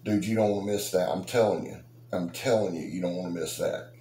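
A man's voice: deep voice, fairly quick, warm tone. Middle-aged guy rambling about knives, jokey and folksy, faint noise behind. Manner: rambling, joking, folksy and boastful. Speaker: knife channel host. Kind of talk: casual talk to subscribers. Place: outdoors. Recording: roomy echo with faint noise.

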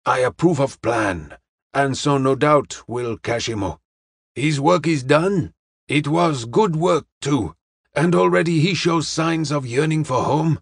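A man voicing a polite, formal detective in an audiobook, speaking in measured, clipped phrases. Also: a little high, breathy edge, dry recording, clean studio sound, voice pushed up. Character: polite, formal middle-aged male detective. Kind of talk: audiobook character reading.

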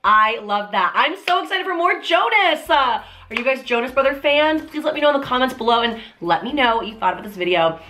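A young woman gushing excitedly while reacting to a music video on her channel, with the video's music playing behind her. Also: high voice, fairly quick. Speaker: YouTube reaction host.

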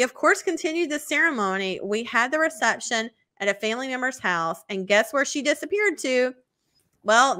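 A woman co-hosts a casual podcast, talking frankly and swearing freely as she reads listener emails. Her voice has a bright, forward tone. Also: medium pitch.

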